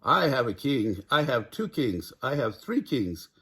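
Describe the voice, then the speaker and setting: A giggly, taunting little bird girl, put on by a man reading aloud squeals in a breathy falsetto that leaps all over. She sounds spoiled and gleeful in this storybook reading. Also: sing-song, measured pace, bright, forceful tone, full character voice. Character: bratty mischievous female bird, giggly, taunting.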